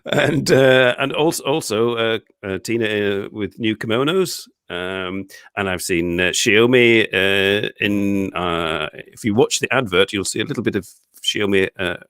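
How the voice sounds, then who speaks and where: Chatty British host, low voice. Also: male voice, a little slow, a bit bright, clear, resonant tone, no room sound, studio quality. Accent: British English. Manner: chatty, rambling, laughs often. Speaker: show host. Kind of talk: casual live-stream interview. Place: living room.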